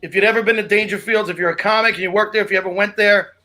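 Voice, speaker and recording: A comedian co-hosting a relaxed podcast, his voice high-pitched and bright. He rambles through his stories with restarts and asides. The talk is casual and chatty. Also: rapid-fire. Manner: loose, rambling storyteller with restarts. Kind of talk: casual chat.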